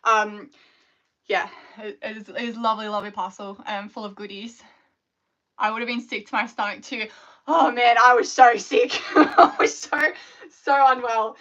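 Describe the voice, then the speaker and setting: Woman, animated chatty live-streamer, bright tone, muffled lo-fi audio. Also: fairly high pitch, moderate pace. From Australia. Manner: chatty and animated, filler-heavy storytelling. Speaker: scrunchie maker hosting a live stream. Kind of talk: casual live-stream chat.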